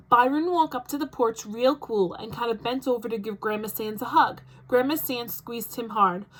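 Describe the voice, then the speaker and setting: A woman teacher reads a novel aloud to her class in an animated, storytelling way. Her voice sits high. She sounds like she is recording a lesson at home. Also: normal speed, low-quality recording.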